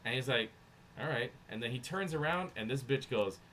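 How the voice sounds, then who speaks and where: A man co-hosting a podcast, telling a long story in casual chat, profane and animated, acting out other people's lines. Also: medium pitch, brisk, slight background noise. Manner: profane, animated, acts out voices in anecdotes. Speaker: podcast co-host.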